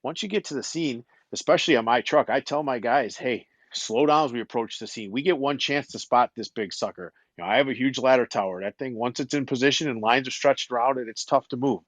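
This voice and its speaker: A man's voice: mid-range voice, quick pace, hardly any pauses, dry recording. A man with a Buffalo, New York accent, a fire captain explaining tactics on a casual panel, stumbling at starts and then explaining steadily. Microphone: phone in an audio chat room.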